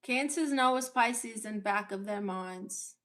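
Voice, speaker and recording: This livestream host, a woman from Brooklyn with the accent to match, takes it slowly in a medium-pitched, fairly bright voice. She fields viewer comments casually, in a blunt and sassy way, with no apologies.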